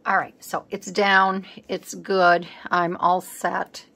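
A woman's voice: lowish voice, little pitch movement, takes it slowly, gravelly, sharp tone. A woman hosting a crafting video, chatting casually as she works and teasing herself for being scatterbrained. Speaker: craft channel host. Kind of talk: casual crafting vlog chat.

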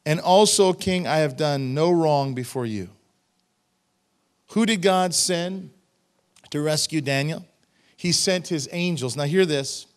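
Middle-aged male pastor, slightly high voice, emphatic verse-by-verse preaching with casual asides to the congregation. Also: slow, long pauses. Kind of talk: expository sermon reading scripture with commentary. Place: church sanctuary.

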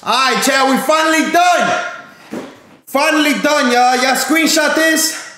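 A man's voice: very high voice, slow, sharp tone, echoey room, a little hiss or hum. A man live streaming in casual chat, slangy and talking straight to his viewers, often repeating himself.

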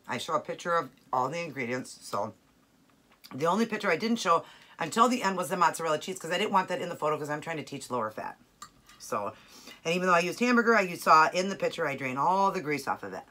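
Chatty woman with a bright, husky voice. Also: fairly low pitch. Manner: chatty, enthusiastic, tasting food as she talks. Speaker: keto cooking vlogger. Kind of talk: casual cooking chat to camera.

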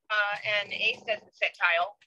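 A woman gives an emotional interview account, angry, emphatic and profane, often restarting her sentences. Her medium-pitched voice is steady and sharp at a measured pace, and the recording sounds dull and lo-fi.

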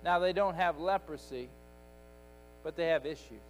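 A man preaches a Sunday school lesson, building each point through emphatic repetition. His voice sits a little high for a man, and faint music hums underneath. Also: moderate pace, poor audio. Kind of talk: sermon. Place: church sanctuary.

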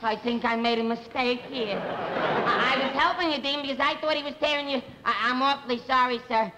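Whiny high-voiced man in a live TV sketch. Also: fairly quick. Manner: whiny, flustered, high-pitched clowning. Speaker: comedian. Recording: roomy 1950s live TV broadcast, loud audience and hiss.

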